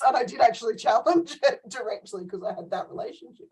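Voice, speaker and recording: A middle-aged woman coach talking in a casual group discussion, animated and ranting, often laughing between points. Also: fairly high pitch, quick pace, breathy edge, poor audio.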